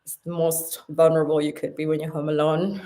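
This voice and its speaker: Chatty South African woman, low voice. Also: a little fast. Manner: chatty and animated, breaks into playful voices. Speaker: vlogger. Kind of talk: casual chat to camera. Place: her home.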